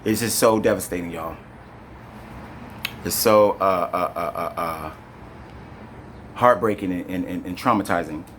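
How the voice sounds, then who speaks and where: Man telling a painful story, halting. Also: low-pitched, a little hiss or hum. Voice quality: rambling, halting with many fillers and restarts. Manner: animated, addresses viewers directly. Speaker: storyteller recounting an arrest. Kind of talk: emotional first-person storytime to camera.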